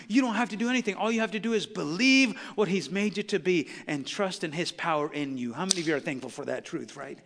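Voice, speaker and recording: Bright high-voiced preaching man. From Southern California. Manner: impassioned preaching, rising to loud emphatic peaks. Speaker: pastor. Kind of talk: sermon. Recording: long hall reverb.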